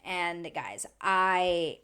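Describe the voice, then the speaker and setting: A young woman hosting a casual reality TV recap, chatty and animated, full of "like" and quick asides. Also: on the low side, slight background noise. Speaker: recap show host.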